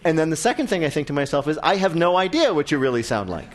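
A man's voice: fairly high pitch, big pitch swings, fast talker. A man hosting an interview, asking playful, teasing questions and laughing often. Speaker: interview host. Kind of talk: radio interview chat.

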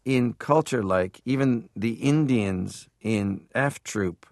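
A man from Canada, a comedian guest, talking casually and at length in an interview, animated, stopping to laugh. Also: mid-range voice, slow, dry recording, studio quality. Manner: rambling, animated, stops to laugh.

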